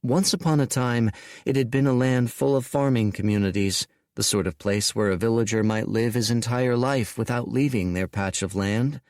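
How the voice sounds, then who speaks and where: A man reading an audiobook in a slow, deliberate and expressive narration. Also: medium pitch, no echo, clean studio sound.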